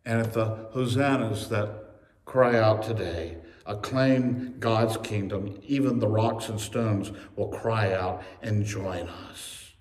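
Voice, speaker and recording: A male pastor preaching a sermon with emphasis, slowing on key phrases and speeding through asides. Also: lowish voice. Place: church sanctuary. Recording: echoey church from a distance.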